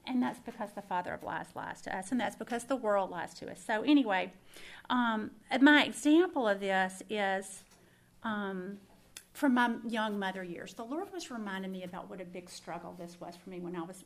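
Gravelly-voiced woman giving testimony. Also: a little high. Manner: earnest, emphatic, confiding, repeats words for stress. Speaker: Christian speaker. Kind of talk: personal testimony sermon.

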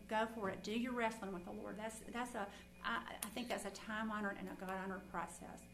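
A woman teaches a group of women in a heartfelt, conversational way, sharing a personal story before reading Scripture and leading them in prayer. Her voice carries a gravelly vocal fry at a mid pitch. A faint hum sits underneath her. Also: a bit bright, rough recording. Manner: earnest and heartfelt, folksy and conversational. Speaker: Bible teacher speaking to women.

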